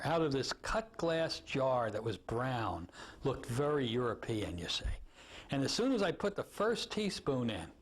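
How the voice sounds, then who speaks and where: A man, a hypnosis instructor, telling an anecdote in a teaching talk and acting out the people in it. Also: medium pitch. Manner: animated storyteller acting out voices.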